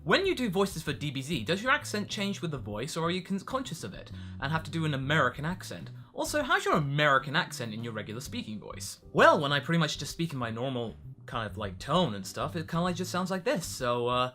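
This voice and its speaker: A man's voice: a little high, very animated, brisk, few pauses, sharp tone, a little hiss or hum. A British man, a voice actor, answering fan questions in a casual vlog, chatty and self-mocking. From Britain.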